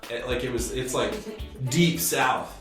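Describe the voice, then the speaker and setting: Animated man hosting a chat, roomy and distant. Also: medium pitch, a little slow. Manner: animated, laughing, exaggerated outbursts. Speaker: host. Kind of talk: casual chat. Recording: roomy, distant mic with music behind.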